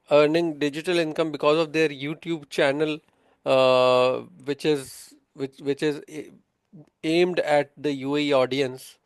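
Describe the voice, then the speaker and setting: A man's voice: fairly high pitch, clean tone, dry recording, clean studio sound. A man teaching a tax course, explaining patiently, quizzing his students, with many filler sounds. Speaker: tax instructor. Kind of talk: interactive online lesson.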